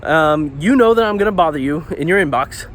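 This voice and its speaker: High-voiced man pacing and explaining. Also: expressive, a little fast, fairly bright tone, a little hiss or hum. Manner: paces while talking, slightly out of breath; conversational, lots of fillers and "right?". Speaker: web designer and marketer. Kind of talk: casual explainer monologue.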